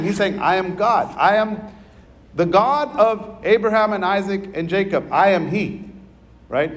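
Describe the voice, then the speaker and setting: High-voiced man preaching a sermon. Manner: earnest, conversational preaching with frequent "right?" asides. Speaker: priest. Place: church.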